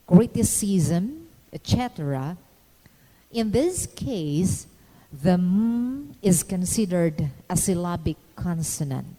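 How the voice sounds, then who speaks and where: Slow, mellow woman teaching phonetics. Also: fairly low pitch, in a large hall, rough recording. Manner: measured, instructional, demonstrates sounds. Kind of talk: slow scripted lesson narration.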